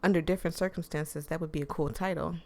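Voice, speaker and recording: A woman's voice: deep voice, steady tone, fast. A woman playing a horror visual novel, reading the narration aloud and breaking off into chatty, rambling asides. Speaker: gaming streamer.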